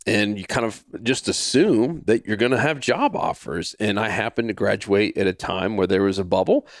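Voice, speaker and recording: A man's voice: on the low side, moderate pace, no echo, studio quality. A man in his forties hosting a podcast, telling a personal story that leads into a faith lesson, repeating phrases and acting out what people said. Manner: lively storyteller who acts out quoted lines and repeats himself. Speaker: podcast host.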